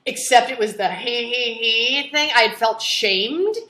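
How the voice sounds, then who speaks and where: Animated storytelling woman, bright voice. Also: a little slow, echoey room. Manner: animated, acts out quotes with sharp jumps in pitch and volume. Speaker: podcast co-host. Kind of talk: casual storytelling.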